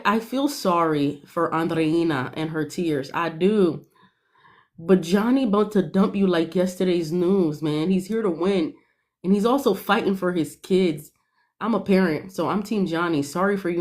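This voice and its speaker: A young woman giving animated, sassy commentary on a reality show, laughing often. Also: fairly low pitch, normal speed. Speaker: podcast panelist.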